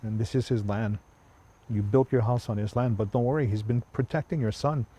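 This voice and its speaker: A man voicing a calm, grave kahuna. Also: medium pitch, a little fast, lightly acted. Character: calm old Hawaiian priest giving warnings.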